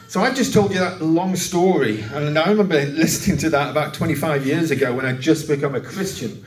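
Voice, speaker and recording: A man preaching a sermon, telling a long story and acting out its voices with raised pitch. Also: fairly quick, a little hiss or hum. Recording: roomy, distant church recording.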